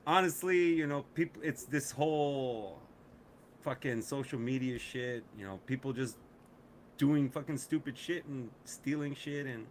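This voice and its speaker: A middle-aged man co-hosting a loose podcast chat, pitched right in the middle for a man. He rants, swears freely and breaks into laughter as he talks. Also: measured pace, slight background noise. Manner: profane, ranting, laughs often. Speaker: podcast co-host. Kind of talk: casual chat.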